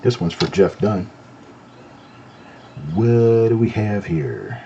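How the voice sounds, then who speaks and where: A man's voice: lowish voice, sing-song, takes it slowly, vocal fry, warm tone, muffled recording, slight background noise. A middle-aged man hosting a live show, chatting in an easygoing way while he looks over items one by one. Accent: no southern accent. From not from North Carolina. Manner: easygoing, talks while examining coins. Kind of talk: casual live-stream chat.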